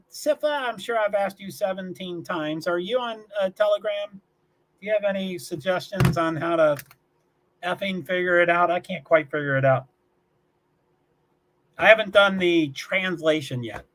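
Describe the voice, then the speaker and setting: A man's voice: sits high, normal speed, fairly bright tone. Rambling man from Kentucky chatting on a livestream. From Louisville, Kentucky. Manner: rambling, repeats words and restarts, chuckles often. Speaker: livestream host reading chat. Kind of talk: casual livestream chat. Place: small one-bedroom apartment.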